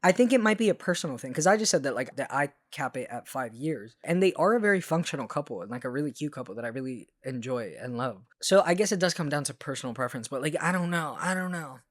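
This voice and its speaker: A man co-hosting a relaxed podcast conversation, talking with a slightly higher pitch than most men. His delivery is animated and expressive. He breaks into playful exclamations as he reacts to the topic. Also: fast, few pauses. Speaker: podcast co-host. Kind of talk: casual chat.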